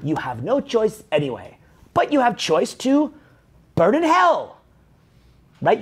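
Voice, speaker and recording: A middle-aged man, a social skills coach, ranting with heavy swearing and bursts of shouted quotes. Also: high voice, wildly swooping pitch, slow pace, pauses often, slightly rough. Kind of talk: profane motivational rant.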